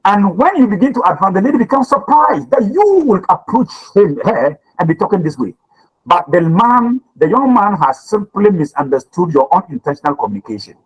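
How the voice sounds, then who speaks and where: Animated man lecturing a class. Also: sits high, a little fast, breathy edge, lo-fi sound. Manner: repeats words, animated questioning of class. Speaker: teacher.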